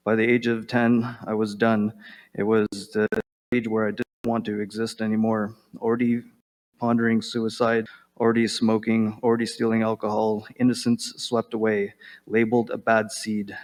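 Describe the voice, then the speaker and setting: A man with a fairly low voice reads a personal letter aloud in a flat, steady tone. He goes slowly and deliberately, pausing between phrases and now and then clearing his throat, with long reverb trailing each line. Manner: slow, measured reading with pauses and throat-clearing. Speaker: recovering addict reading his own letter.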